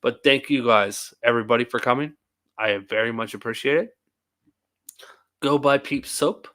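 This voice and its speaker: A worn-out man rambles on his live stream, chatty and quick to laugh. His pitch sits in an ordinary middle range. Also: a bit bright. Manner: rambling, tired and talkative, laughs often. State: tired. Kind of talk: casual live-stream chat.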